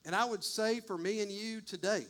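A man preaching a sermon as pastor, impassioned and emphatic, swinging between quick bursts and slow, stressed words. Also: high-pitched, fairly bright tone. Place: church, streamed online.

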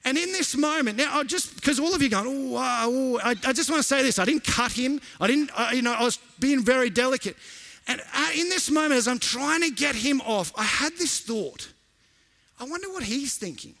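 A man preaching as a pastor, an animated storyteller who repeats lines for emphasis. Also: very high-pitched, a little fast. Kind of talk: sermon with storytelling.

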